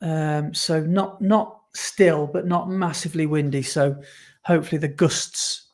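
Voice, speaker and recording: This male podcast co-host has a fairly high voice and keeps a steady tone, speaking a little slowly. His talk is casual and meandering, and he frequently stops to fix what he's saying partway through a sentence.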